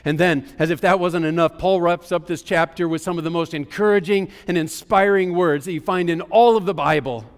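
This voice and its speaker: A man preaching a sermon as pastor, emphatic and declaring, slowing down on key lines. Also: a little high, steady tone, big-room sound.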